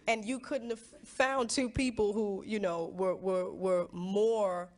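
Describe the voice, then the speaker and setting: Woman talking slow and thoughtful, stumbles and repeats herself, mid-pitched. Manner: halting, repeats words, lively when quoting herself. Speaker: interviewee in a played clip. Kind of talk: reflective personal talk.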